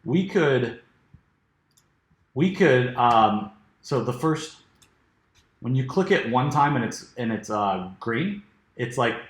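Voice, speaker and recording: A man talks his way through a software demo in a loose, casual way, stumbling over restarts and fillers. His voice is a little worn, as if he is losing it. The recording has a noticeable room echo. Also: medium pitch, lively intonation, takes it slowly, long pauses. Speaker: software reviewer. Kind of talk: screen-share software walkthrough. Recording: echoey room.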